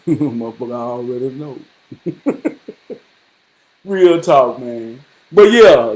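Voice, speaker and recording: A man's voice: sits high, very animated, takes it slowly, pauses often. A man casually telling a story to his viewers in a rambling, repetitive and profane way, slipping into preachy advice. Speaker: vlogger.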